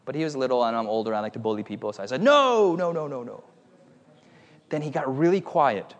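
A man preaching a lively sermon, telling a playful story and calling on the audience for amens. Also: mid-range voice, rapid-fire, long reverb tail. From United States.

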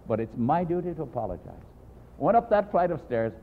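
A man's voice: a little high, big pitch swings, fairly quick, slight background noise. An older man, a pastor, preaching with folksy stories and acting out dialogue in raised voices. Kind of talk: sermon with storytelling. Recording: tinny old phone-like tape in a reverberant hall.

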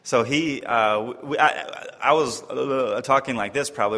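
A man from Wisconsin telling a personal testimony story in a lively way, acting out the voices of the people he quotes. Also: normal speed. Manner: lively, acts out quoted voices, often pitching up high in disbelief. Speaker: speaker giving a personal testimony. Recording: long reverb of a large hall.

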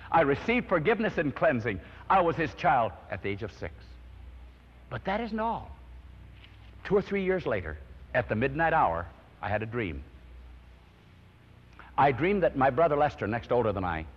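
Male preacher, somewhat high and very animated, earnest testimony delivery, husky tone, muffled recording. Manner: earnest storytelling, swelling with emotion. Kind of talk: sermon with personal testimony and prayer. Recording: dull lo-fi recording in long-reverb hall.

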